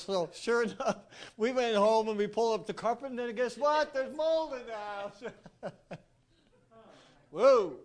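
A man giving an informal sermon, telling stories with animated rhetorical asides and frequent chuckles. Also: very high-pitched, measured pace, pauses often. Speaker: preacher.

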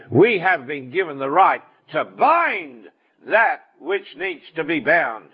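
High-voiced preacher, dull lo-fi sound. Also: male voice, very animated, slow, slightly rough. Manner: storytelling, acts out dialogue with shifting pitch. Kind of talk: sermon.

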